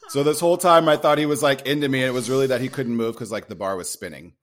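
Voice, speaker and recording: A man in his thirties telling a long personal story in a casual chat, acting out the quotes. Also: mid-range voice. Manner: animated, quick storyteller who acts out quotes. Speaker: podcast guest.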